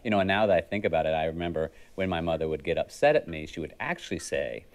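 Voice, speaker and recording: A man in an improvised comedy sketch, delivering strange lines in a deadpan way that turns giddy and shrill. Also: fast, hardly any pauses. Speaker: celebrity guest.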